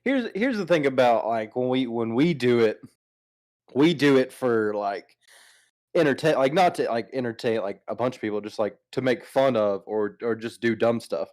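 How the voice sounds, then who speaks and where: A man's voice: medium pitch, lively intonation, normal speed, a little mellow. A man hosting a podcast in casual chat, rambling and teasing his co-hosts with many restarts. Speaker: podcast host.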